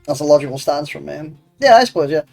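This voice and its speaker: A man's voice: fairly high pitch, lively intonation, fast talker, creaky, a little mellow. A young man, streaming a game and bantering crudely with his chat, rambling and laughing often. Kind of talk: casual gaming stream chat. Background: faint game music.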